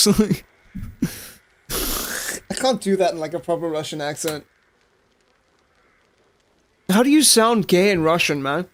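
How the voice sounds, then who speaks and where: South african guy streaming a game, squeaky high voice, swears a lot, hypes up chat. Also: slow pace, long pauses, a little hiss or hum. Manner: excitable, swears casually, chats to viewers. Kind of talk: live-stream gameplay commentary.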